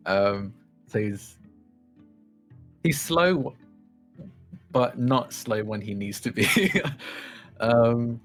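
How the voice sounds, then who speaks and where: A man's voice: fairly low pitch, fairly even intonation, takes it slowly, faint music behind. A man, a player in a tabletop game, casually introducing himself and his character with fillers and laughs. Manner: loose, laughing, filler-heavy.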